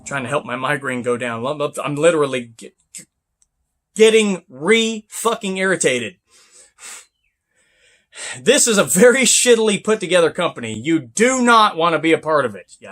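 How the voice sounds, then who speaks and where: A man, a truck driver, ranting with sarcasm and heavy swearing about trucking companies, often bursting into shouts. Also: on the high side, very animated, normal speed. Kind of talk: angry ranting vlog.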